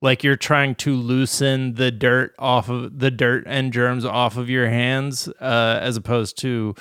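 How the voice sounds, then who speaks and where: A man's voice: mid-range voice, little pitch movement, slow, a bit bright, clear, resonant tone, dry recording, studio quality. A man co-hosting a podcast in casual chat, explaining things loosely with lots of fillers. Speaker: podcast co-host.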